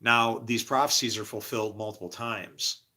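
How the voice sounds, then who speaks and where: A man delivering a rambling religious monologue, swinging from low mumbles to shouting and laughing to himself. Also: steady tone, moderate pace.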